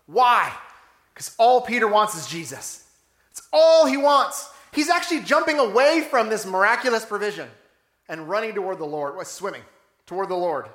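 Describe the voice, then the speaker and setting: Preaching with lively intonation at a normal speed, this pastor has a high, bright voice. He tells the story animatedly and fires off rhetorical questions, his words echoing roomily as if through a church sanctuary.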